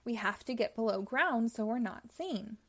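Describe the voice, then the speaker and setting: A woman voicing a gang of mischievous male cartoon ghosts in a storybook reading, high and excited. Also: normal speed. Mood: urgent.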